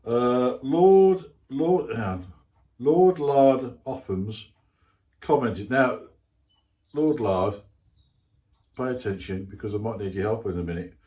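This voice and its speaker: On his hobby channel, an older man talks casually in a lowish, slightly mellow voice, a little slow and pausing often. He reads out viewer comments in a rambling, self-deprecating way full of asides.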